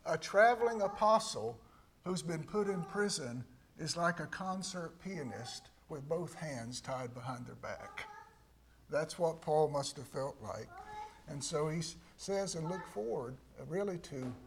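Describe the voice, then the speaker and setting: Slow, emphatic male pastor preaching. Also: fairly high pitch, slight background noise. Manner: slow and emphatic, repeating key words, dropping to a hush. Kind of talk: sermon.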